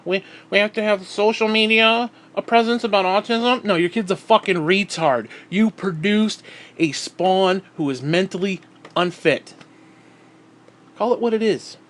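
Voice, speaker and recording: A man's voice: sits high, fairly bright tone. A man vlogging in a heated, sarcastic rant, swearing constantly. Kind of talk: profane ranting monologue.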